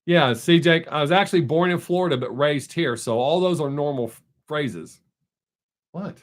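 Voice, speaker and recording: A fairly high-pitched middle-aged man, speaking at normal speed, hosts a laid-back live stream. He rambles and curses while chatting with viewers, restarting his sentences often.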